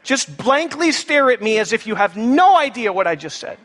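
High bright preacher guy giving a sermon, jokey asides, big echoey hall. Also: normal speed. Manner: animated, playful asides to the congregation. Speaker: pastor. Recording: echoey hall with long reverb.

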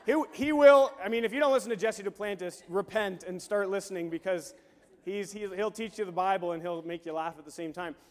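A man preaching a sermon, telling a story with animated swings from hushed lines to shouts. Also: high-pitched, fairly quick. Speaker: pastor. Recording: long hall reverb.

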